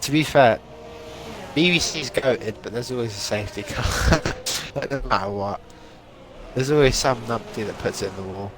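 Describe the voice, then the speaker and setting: A man's voice: medium pitch, normal speed, background noise. A young man doing casual, jokey commentary on a sim racing stream, laughing and swearing now and then while he fights off hiccups. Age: young adult. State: has hiccups. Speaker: race commentator.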